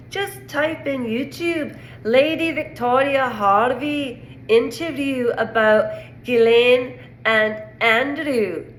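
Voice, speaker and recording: A woman's voice: fairly high pitch, a bit bright. A woman from Canada giving a rambling, indignant casual opinion monologue on pop culture. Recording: echoey room with faint noise.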